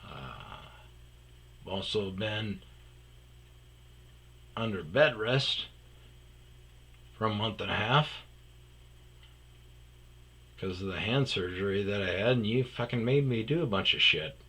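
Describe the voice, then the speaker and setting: A man telling a workplace story in a casual, profane rant, loudly acting out what people said. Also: lowish voice, a little slow, pauses often, husky. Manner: profane, animated, acts out quotes loudly. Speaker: storyteller host.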